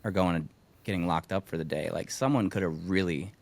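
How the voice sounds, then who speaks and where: A man hosting a podcast, talking in a relaxed, loose way with many filler words. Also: low voice, fairly quick, gravelly. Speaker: podcast host. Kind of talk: casual chat.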